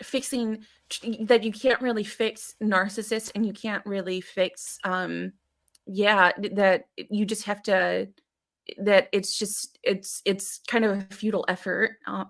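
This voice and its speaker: A woman co-hosting a casual talk show who often laughs at herself and lets her sentences trail off softly. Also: mid-range voice, fairly even intonation, measured pace. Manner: giggly, self-deprecating, trails off quietly. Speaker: podcast co-host. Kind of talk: casual chat.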